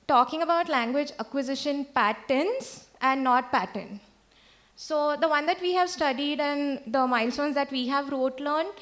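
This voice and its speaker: A high-pitched woman delivers a conference lecture on speech therapy. She explains patiently and keeps checking in with her listeners. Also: fairly bright tone. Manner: explanatory, checks in with "right?" often. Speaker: speech-language pathologist lecturer.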